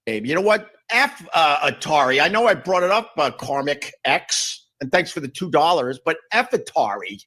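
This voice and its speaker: A man's voice: on the high side, expressive, normal speed, few pauses, pushed and bright. A man streaming to his viewers, rambling and grumbling about things in a long monologue. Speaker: streamer in a played video.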